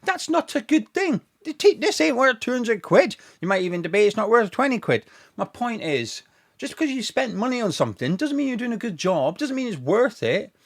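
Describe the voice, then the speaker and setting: Brisk and high-pitched with some vocal fry, a young football fan podcast host mocks his club's owners. His animated, sarcastic rant leans on mocking quotations.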